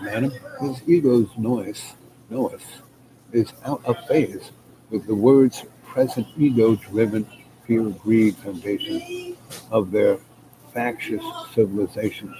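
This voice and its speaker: A man's voice: on the low side, very animated, measured pace. A man voicing a mysterious old woman who claims to be thousands of years old, speaking solemnly and grandly, with hiss behind. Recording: noticeable background hiss.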